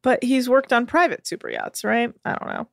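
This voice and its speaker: A woman's voice: a little high, wildly swooping pitch, brisk, creaky, no room sound, studio quality. A woman podcast host recapping a reality show in casual, profane, laughing chat.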